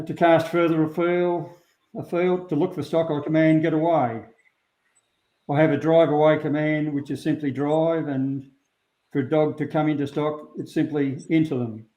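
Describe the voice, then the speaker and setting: A slightly high, slightly mellow male voice belongs to an Australian sheepdog handler giving a relaxed interview. He speaks plainly and without hurry, using lots of ums, and the sound is roomy, dull and lo-fi.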